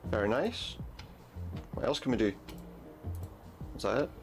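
A man's voice: mid-range voice, big pitch swings, a little slow, over music. A man giving casual gameplay commentary, chatty, with wry, self-mocking asides.

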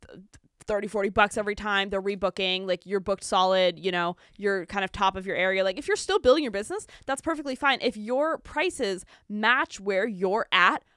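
A woman's voice: mid-range voice, lively intonation, moderate pace, a bit bright, clear, resonant tone, dry recording, clean studio sound. A young woman from the United States co-hosting a casual podcast, talking in a chatty way with lots of fillers. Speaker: podcast co-host. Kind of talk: casual chat.

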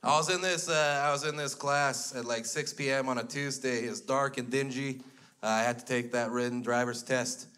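A man's voice: mid-range voice, fairly even intonation, normal speed. A man in his thirties from Alberta, Canada, doing stand-up comedy with crude, self-mocking storytelling before a live audience. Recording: loud noisy live stage recording.

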